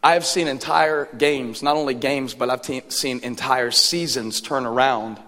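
Male pastor, 30s, mid-pitched, lively sermon delivery, reverberant sanctuary sound. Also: measured pace. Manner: animated storytelling, swings from hushed asides to loud exclaims. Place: church sanctuary. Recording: reverberant church hall with faint music.

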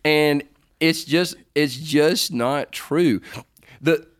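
A man's voice: on the high side, very slow. A middle-aged man co-hosting a casual faith advice chat, joking and rambling as he answers listener questions. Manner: joking, rambling, self-correcting.

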